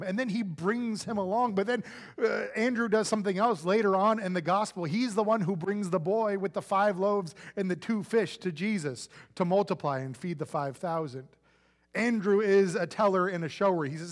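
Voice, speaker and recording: A man's voice: sits high, moderate pace, in a large hall. A male pastor preaching a sermon in a conversational, playful way, acting out quoted voices.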